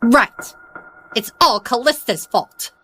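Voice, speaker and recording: A woman's voice: on the high side, lively intonation, takes it slowly, sharp tone, exaggerated voice. An actress voicing a domineering older mother who fakes illness to get her way, in a dubbed drama, scolding and theatrical. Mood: scheming. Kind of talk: dubbed short-drama acting.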